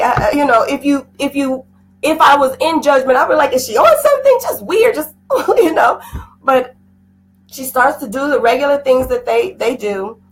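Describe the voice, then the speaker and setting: A woman's voice: high voice, a little hiss or hum, rough recording. A middle-aged woman giving an intense, emotional personal testimony, her voice rising at times. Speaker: guest sharing a personal story.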